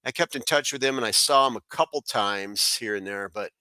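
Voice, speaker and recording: A man's voice: medium pitch, fairly quick, pushed and bright, clear, resonant tone, dry recording. A middle-aged man from South Florida, a guest telling a rambling personal story full of fillers and restarts. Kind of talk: casual storytelling.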